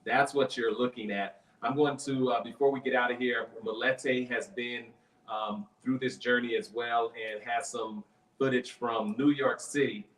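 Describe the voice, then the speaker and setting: A man's voice: medium pitch, fairly even intonation, unhurried, a bit bright. Brief: male host, earnest and rambling, echoey distant sound. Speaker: talk show host. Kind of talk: conversational show hosting.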